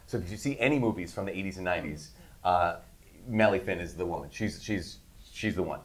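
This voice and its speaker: Brief: 50s man, low voice, interview guest, animated and laughing anecdotes. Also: a little fast. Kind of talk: casual storytelling.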